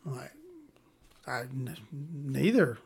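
A woman's voice: extremely low pitch, very slow, creaky, darkish tone, breathy edge. A woman from Alabama, telling stories in a blunt, exasperated way and swearing freely. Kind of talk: casual storytelling rant.

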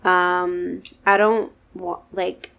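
Slow, gravelly-voiced young woman. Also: fairly low pitch, little pitch movement, fairly bright tone. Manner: hesitant, filler-heavy storytelling. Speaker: podcast host. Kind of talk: casual chat.

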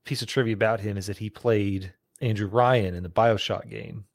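A man co-hosts a podcast in relaxed chat, passing along trivia in halting, filler-laden bursts. His voice sits on the lower side. The recording is dry and close. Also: creaky, no room sound. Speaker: podcast co-host.

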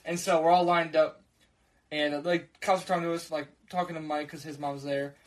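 A man's voice: a little high, little pitch movement, a little fast, low-quality recording. A young man from co-hosting a podcast, telling a story in casual chat, acting out the quotes and swearing freely.

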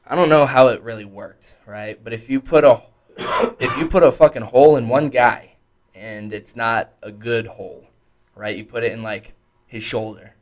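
A man's voice: medium pitch, moderate pace. Laid-back, profane young guy saying "dude". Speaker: podcast co-host. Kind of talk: casual chat.

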